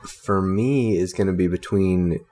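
A man co-hosting a casual podcast, easygoing and agreeable, calmly weighing his points. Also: sits low, unhurried. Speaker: podcast co-host. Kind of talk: casual chat.

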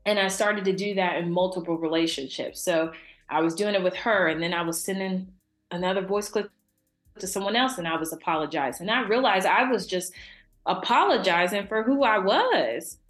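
A young adult woman, a podcast guest, talking casually and warmly about faith and laughing often. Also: medium pitch, moderate pace, echoey room, soft background music. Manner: warm, chatty, laughs often.

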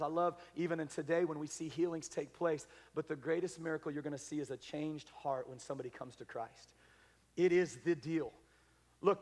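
A male pastor preaching a sermon, leading the congregation to repeat words and swinging between loud exhortation and hushed intensity. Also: sits high, big-room sound. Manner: leads congregation call-and-response.

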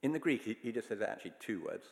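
A man's voice: lowish voice, expressive, quick pace, gravelly. A man preaching a sermon, telling stories in an earnest, emphatic way. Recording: long hall reverb.

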